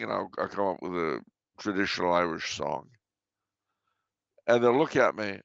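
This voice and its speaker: A man's voice: on the low side, animated, measured pace, gravelly, pauses often, smooth, no room sound, muffled recording. A man chatting casually, spinning stories with chuckles and a playful edge. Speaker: regular guest answering questions. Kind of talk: casual chat.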